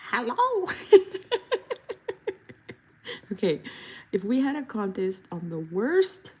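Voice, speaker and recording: A woman face painter chats casually on a livestream while she works, her medium-pitched voice dark and slightly rough. She's chatty and self-mocking, now and then bursting into silly song.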